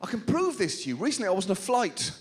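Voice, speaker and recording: A man hosting a stand-up comedy show, telling a story in an animated, theatrical way on a club stage. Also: high voice, fast. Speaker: host. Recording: live club with loud audience. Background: audience laughing.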